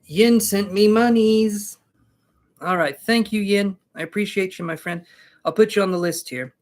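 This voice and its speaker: With a high, brisk voice, a man does tarot readings on a live stream. His chat with viewers is casual, full of jokes and reassurance.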